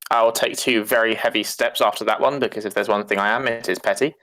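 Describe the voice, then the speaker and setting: A man's voice: fairly low pitch, fairly even intonation, quick pace, a bit bright, no echo. A man playing a tabletop game, chatty and hesitant, often laughing. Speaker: player. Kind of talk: casual tabletop play.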